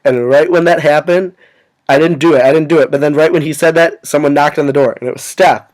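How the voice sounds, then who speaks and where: A young man casually telling a story to his viewers, rambling and filling every pause with "like". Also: on the high side, steady tone, a little mellow. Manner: rambling, full of "like" fillers. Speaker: vlogger.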